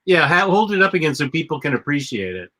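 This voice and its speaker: A man's voice: fairly high pitch, very animated, quick pace, pushed and bright. A man co-hosting a casual chat, opinionated and easily amused. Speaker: co-host.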